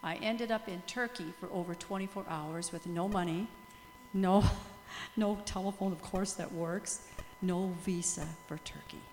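A woman's voice: on the low side, a little slow. An older woman speaking as a missionary to a church gathering, telling stories with laughter and frequent praise. Her voice carries through a roomy hall with a long reverb. A faint hum sits underneath. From USA or Canada. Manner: animated, laughing storyteller, praising God often. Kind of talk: testimony talk to a church group.

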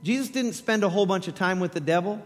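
A man preaching a sermon, telling scripture stories with animated acted-out voices and laughter. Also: sits high, fast talker, long reverb tail, faint music behind.

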